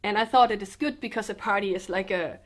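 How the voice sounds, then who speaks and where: A sick woman vlogger talking in a subdued, slightly sedated way, halting and restarting as she speaks from the floor at home. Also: medium pitch. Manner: halting, hesitant, with many restarts. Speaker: comedian and vlogger. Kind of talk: personal confessional vlog. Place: indoors, sitting on the floor with pillows.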